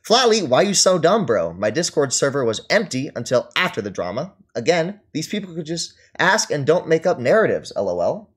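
A man's voice: a little high, big pitch swings, moderate pace, few pauses, slightly rough. A man ranting at his live stream chat, mocking and taunting his target and laughing at them. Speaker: streamer reading and answering chat.

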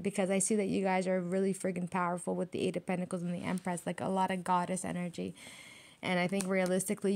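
A young adult woman giving a casual tarot reading in a blunt, slangy way, often breaking into laughter. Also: a little high. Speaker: tarot reader.

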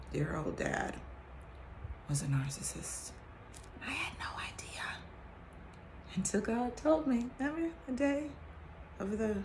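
A woman in her forties giving a casual faith talk, reading a verse slowly and then commenting candidly on it. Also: mid-range voice, gravelly, background noise. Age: 40s. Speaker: vlogger sharing testimony.

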